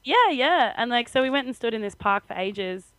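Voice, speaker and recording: A woman's voice: a little high, expressive, moderate pace, a bit bright, dry recording, poor audio. A young Australian woman co-hosting a podcast, telling a story in casual chat with frequent laughter. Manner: chatty storytelling, laughs often. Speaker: podcast co-host.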